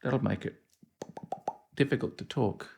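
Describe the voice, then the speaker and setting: Unhurried man musing over a game. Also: medium pitch, gravelly, slight background noise. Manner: thinking aloud, reading game menus, dry asides. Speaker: let's play host. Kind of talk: casual gameplay commentary.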